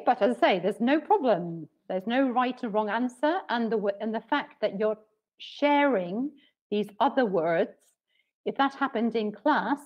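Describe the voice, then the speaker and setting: A woman training English teachers in an online session, explaining patiently and clearly with frequent "okay"s. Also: medium pitch, dull audio. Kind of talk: webinar teaching talk.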